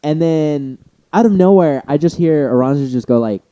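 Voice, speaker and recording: A man's voice: fairly high pitch, moderate pace, warm tone, clear, resonant tone, no echo, dull audio. A young man in casual podcast chat, swearing freely and acting out quoted lines with big jumps in his voice. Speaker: podcast co-host.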